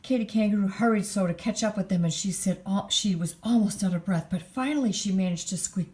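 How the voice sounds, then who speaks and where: A woman reading a picture book aloud in an expressive storytime manner. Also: medium pitch, a little fast, few pauses.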